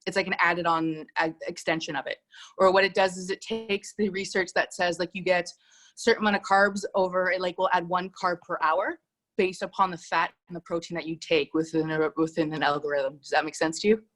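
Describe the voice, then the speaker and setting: Rapid, rambling woman participant, a bit breathless, apologetic. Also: lowish voice, steady tone, fairly bright tone. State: slightly out of breath from exercising. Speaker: participant asking questions.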